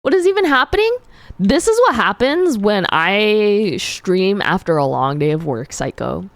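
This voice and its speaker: A woman's voice: medium pitch, sing-song, measured pace, slight background noise. A woman streamer in casual live stream chat, giggly and playful as she talks to her chat.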